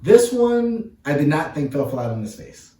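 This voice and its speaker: A man co-hosting a casual movie review chat, talking in a playful way with long drawn-out fillers. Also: a little high, big pitch swings, mellow, recorded from a distance. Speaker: podcast co-host. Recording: roomy, mic set back.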